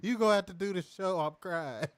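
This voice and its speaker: A man's voice: high-pitched, fairly quick, no room sound, clean studio sound. Laughing, loose-talking young man. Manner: laughs hard, loose and profane. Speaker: podcast co-host. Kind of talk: casual chat.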